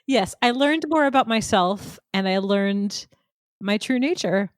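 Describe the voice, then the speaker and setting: A woman's voice: mid-range voice, animated, measured pace, clear, resonant tone, no echo, clean studio sound. A woman, a returning guest on a podcast, chatting casually and bluntly, joking at her own expense and laughing often. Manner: jokey, laughs often, blunt and self-mocking.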